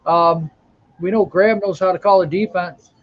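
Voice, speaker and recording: A man's voice: high voice, steady tone, normal speed, no echo. A man co-hosting a call-in sports show, laughing often and chiming in with short reactions. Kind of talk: casual sports talk. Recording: dry, muffled audio.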